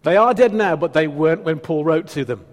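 Man, preacher, fairly high voice, conversational and emphatic, long hall reverb. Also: a little fast. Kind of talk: sermon.

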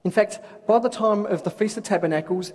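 A man's voice: high voice, a little fast, darkish tone, breathy edge. A man preaching a sermon, asking rhetorical questions and reading scripture aloud. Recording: long hall reverb.

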